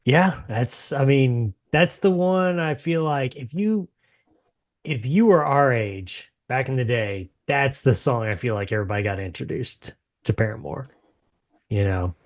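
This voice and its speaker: A man's voice: mid-range voice, lively intonation, a little slow. A man hosting a podcast in casual chat, teasing his guest and laughing often. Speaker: podcast host.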